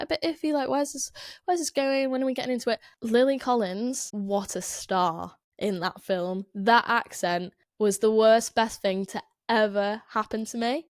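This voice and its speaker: A woman's voice: fairly high pitch, no room sound, studio quality. A young woman with a Northern English accent, hosting a podcast in a rambling, chatty way full of fillers and restarts. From Northern England. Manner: chatty, rambling, many "like" fillers, self-interrupting. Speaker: podcast host. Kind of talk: casual chat.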